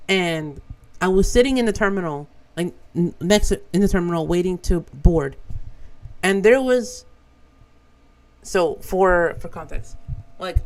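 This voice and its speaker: A man's voice: sits high, rough recording. A young man from Brazil whose first language is Portuguese, a streamer telling a casual story with lots of swearing. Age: young adult. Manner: animated, swears a lot. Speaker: vtuber streamer.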